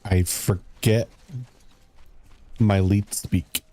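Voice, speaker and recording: Male streamer, deep-ish voice, unhurried, mellow, chatty gameplay talk. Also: fairly even intonation. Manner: chatty, reads chat aloud, mutters while playing. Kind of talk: casual gameplay commentary.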